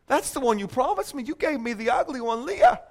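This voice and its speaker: A pastor acting out an outraged young man, shouting in disbelief as he retells a story in church. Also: extremely high pitch, very animated, fairly quick, pitched above the performer's own voice, full character voice. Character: young man Jacob, shocked and indignant.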